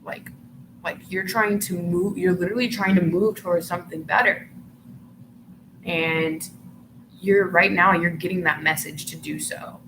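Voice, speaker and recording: A woman's voice: fairly low pitch, fairly even intonation, unhurried. A woman giving a casual tarot reading to her viewers, chatty and full of "like" fillers, who sometimes breaks into giggles. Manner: chatty, filler-heavy, often says "like". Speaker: tarot reader. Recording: noticeable background noise.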